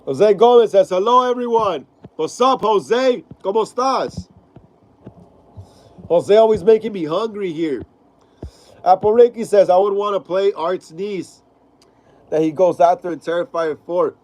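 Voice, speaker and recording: This man, whose voice sits high, speaks unhurriedly and pauses often while hosting a horror film live stream. Illness has clogged his nose, leaving him stuffy and nasal, and he reads viewer comments in a laid-back, slangy manner, repeating phrases and calling viewers "bro." The recording quality is low.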